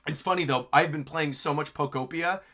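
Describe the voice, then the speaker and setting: A man's voice: a little high, fairly quick, sharp tone. A man hosting a live reaction stream, chatting with enthusiasm and laughing often as he reads through a comic chapter. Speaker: livestream host reacting to manga chapters.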